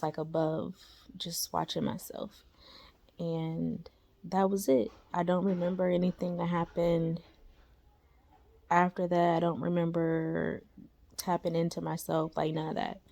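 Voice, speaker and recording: A young woman with a lowish, creaky, slightly mellow voice and little pitch movement casually and unhurriedly tells a personal spiritual story. She's chatty and slangy, full of fillers and tag questions like "right?" and "you know?".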